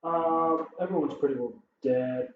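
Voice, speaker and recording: A man's voice: fairly high pitch, unhurried. A man at a tabletop game jokes around and thinks through his moves aloud. He sits a little away from the mic, so he sounds distant in a roomy space. The recording is dull and muffled, with faint noise. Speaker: player. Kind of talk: casual tabletop play.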